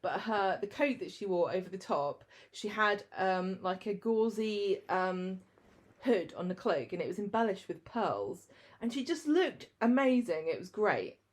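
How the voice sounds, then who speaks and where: A woman's voice: medium pitch, measured pace. Chatty woman retelling a story. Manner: storytelling, lively recap with hesitations. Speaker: podcast co-host. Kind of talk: casual chat.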